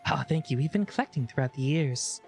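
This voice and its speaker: A man's voice: a little high, animated, a little fast, gravelly, darkish tone, soft background music, pitched above the performer's own voice. A man voicing a mysterious female desert guardian who speaks in a sly, mock-polite way. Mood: sly teasing.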